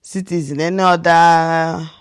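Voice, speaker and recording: A woman's voice: on the low side, little pitch movement, a little slow, clean tone. A Nigerian woman from Nigeria giving casual reaction commentary as a vlogger, incredulous and rhetorical, often restarting her sentences.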